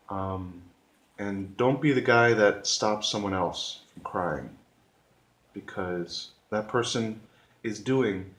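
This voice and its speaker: Earnest male vlogger, unhurried and emphatic, mid-pitched, roomy echo. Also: fairly bright tone. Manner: slow, earnest, with emphatic repetitions. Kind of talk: reflective talk to camera.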